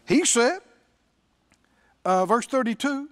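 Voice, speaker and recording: A man's voice: high-pitched, very animated, a little slow. A man preaching a sermon as pastor, emphatic, repeating phrases and quoting scripture.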